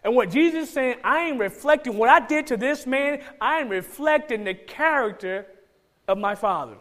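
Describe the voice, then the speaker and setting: A man's voice: very high-pitched, animated, moderate pace, a bit bright. A man with a Georgia Southern accent preaching a sermon as pastor, emphatic and repeating key phrases for stress.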